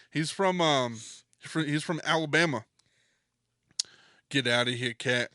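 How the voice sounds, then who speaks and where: A man's voice: fairly high pitch, a little slow, pauses often, sharp tone. A man co-hosting a podcast in casual chat, laid-back and swearing freely with lots of fillers. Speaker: podcast co-host.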